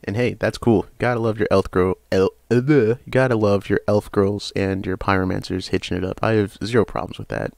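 A fairly low-pitched young man talks through trading cards in a loose, rambling way, often stopping on "uh" and then breaking into excited emphasis. The sound is dry and close, with no room around it. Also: brisk, gravelly, hardly any pauses, dry recording. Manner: rambling, chatty, hesitant with frequent uhs. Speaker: card game channel host. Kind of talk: casual card review.

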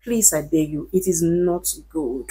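Female vlogger, lower pitch, husky; earnest, emphatic advice to camera. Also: measured pace, warm tone. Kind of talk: casual advice talk to camera.

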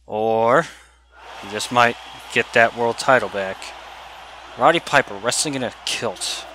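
A man giving casual let's-play commentary over a wrestling video game, chatty and excitable and laughing often. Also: medium pitch, measured pace, a little hiss or hum. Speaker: gameplay commentator.

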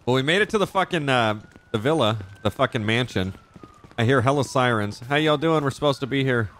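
A man's voice: medium pitch, animated, fairly bright tone. Casual swearing young man gaming. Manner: loose, swearing, quick reactions. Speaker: roleplay streamer. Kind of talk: casual in-character game chat.

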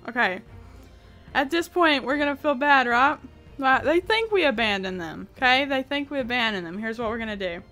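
Bright, high-voiced woman reading a text game. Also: lively intonation, moderate pace, faint music behind. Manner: laughs often, swears and exclaims in disbelief. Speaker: gaming YouTuber. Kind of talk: reading a text adventure aloud and reacting.

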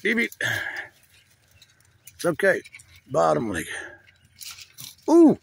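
A man's voice: a little high, wildly swooping pitch, slow, vocal fry, breathy edge. A man outdoors by a fence, coaxing a trapped animal and cursing at times, recorded on a phone camera. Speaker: turtle rescuer. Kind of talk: casual outdoor chatter. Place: outdoors by a chain-link fence. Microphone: phone camera held nearby.

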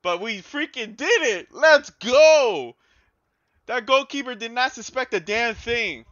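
A man commentating his own football video game as he plays, excitable and swearing, yelling at his players and groaning at their mistakes. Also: extremely high pitch, takes it slowly, no echo, lo-fi sound. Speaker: gaming YouTuber. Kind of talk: live gameplay commentary.

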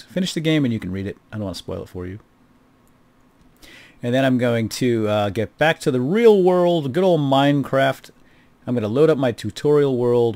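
A man's voice: mid-range voice, a little mellow. A middle-aged man giving casual, wry gameplay commentary, chatting to viewers as he plays. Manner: chatty, wry, talks to viewers while playing. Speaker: gaming video host.

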